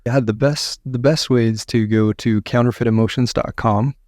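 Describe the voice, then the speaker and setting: A man's voice: mid-range voice, fairly even intonation, moderate pace, a little mellow, no room sound, clean studio sound. A man speaking as an author and podcast guest, telling his story earnestly and repeating phrases for emphasis.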